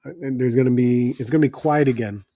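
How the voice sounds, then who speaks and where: Guy in his 30s ranting on his toy stream, kinda fed up, warm low-key voice, dry sound. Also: a little fast, no room sound. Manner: exasperated, rambling with restarts and fillers. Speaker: toy live stream host. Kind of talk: casual live stream rant. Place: home.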